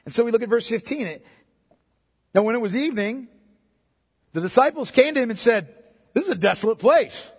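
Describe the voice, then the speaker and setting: A middle-aged man preaching a sermon, conversational and animated, with joking asides. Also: very high-pitched, a little fast, pauses often, breathy edge. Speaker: pastor. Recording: reverberant hall.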